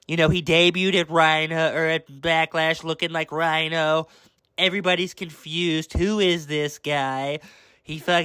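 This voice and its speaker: A man's voice: a little high, sharp tone, clean tone, no echo. A young man angrily ranting through a review of a wrestling show, swearing and exasperated. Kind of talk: angry rant review.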